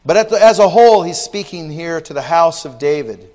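A man preaching a sermon with emphatic outbursts and low asides, often repeating words as he restarts. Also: expressive, a little fast. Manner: emphatic, swings between loud exclamations and low asides. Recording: long hall reverb.

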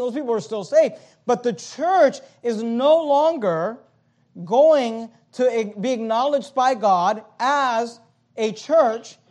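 A pastor preaching a sermon in a church auditorium, emphatic and repetitive, rising loud and dropping quiet. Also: male voice, very high voice.

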